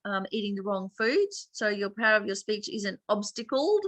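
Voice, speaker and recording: Bright-voiced Australian woman teaching meditation. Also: on the high side, no room sound. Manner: chatty, laughs often, warm explaining. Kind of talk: online dharma class.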